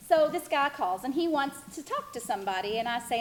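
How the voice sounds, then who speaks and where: Expressive higher-voiced woman storyteller. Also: brisk, hardly any pauses, slight background noise, low-quality recording. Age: middle-aged. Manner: expressive, wistful, self-reflective. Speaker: performer telling her life story. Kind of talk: theatrical one-woman monologue. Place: stage.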